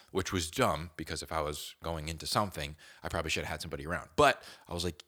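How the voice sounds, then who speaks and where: A man in his thirties telling a comic story in a casual, animated way, acting out groans and quoted lines and saying "dude" a lot. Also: sits low, fast talker, hardly any pauses.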